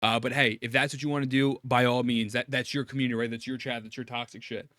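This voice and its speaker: Male streamer host, angry profane reaction rant, bright timbre, dry sound. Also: medium pitch, little pitch movement, fast talker, no room sound. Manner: profane, ranting, rising to near-shouting. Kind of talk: heated reaction commentary.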